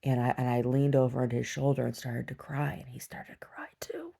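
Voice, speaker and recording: A woman recounting a disturbing dream in a personal video diary, talking haltingly with many restarts. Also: a bass voice, little pitch movement, vocal fry, dark tone, breathy edge. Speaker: survivor sharing a personal story.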